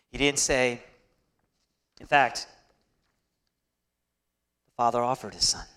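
A man preaching a sermon, swinging between hushed, whispered passages and loud, emphatic peaks. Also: medium pitch, a little slow, pauses often.

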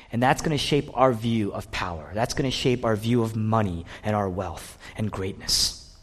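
A man preaching a sermon in a church, swinging between loud declarations and hushed whispers. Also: fairly low pitch, lively intonation, moderate pace, slightly rough. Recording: long reverb of a large hall.

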